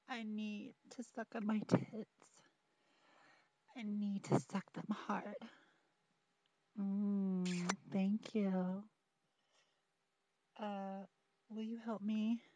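Slow, teasing woman in intimate audio role-play. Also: medium pitch, no room sound. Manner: slow, soft, pleading and teasing, talking straight to the listener. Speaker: audio performer. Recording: dull, dry close recording.

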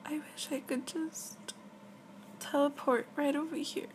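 A woman in a whispered role-play as a girlfriend on a video call, talking softly and affectionately and often dropping to a whisper. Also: high voice, fairly even intonation, unhurried, background noise.

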